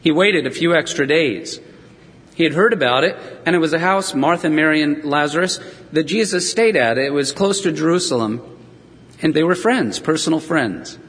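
A man's voice: fairly high pitch, expressive, moderate pace, a bit bright, breathy edge. A man preaching a sermon, telling scripture stories and briefly acting out the voices of the people in them. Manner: storytelling, acts out voices of scripture figures. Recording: long reverb of a large hall.

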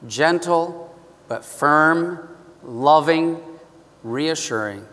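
A man's voice: high voice, unhurried, a bit bright, long reverb tail. A man preaching a sermon, telling a story earnestly and with emphatic repetitions.

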